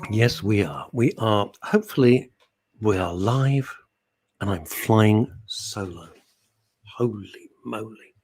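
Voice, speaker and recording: A man's voice: on the low side, lively intonation, takes it slowly, a little mellow. A middle-aged man, hosting live talk radio and reading out listener comments in a playful, teasing way. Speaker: radio show host.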